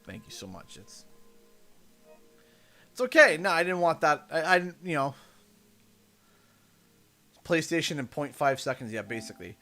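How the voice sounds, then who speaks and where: A man's voice: on the high side, big pitch swings, normal speed, long pauses, bright, forceful tone, soft background music. A man in his thirties chatting casually while livestreaming a game, a chatty storyteller who laughs and acts out voices. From Canada. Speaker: livestreaming gamer.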